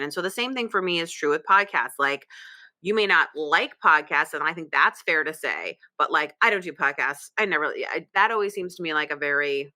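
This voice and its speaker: A woman host talks in a low, bright voice with a forceful edge. She chats casually and wanders into asides. The sound is close and dry, picked up by a computer mic. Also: dry recording. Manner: chatty and digressive, full of asides. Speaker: podcast host. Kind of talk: casual chat. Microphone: computer microphone.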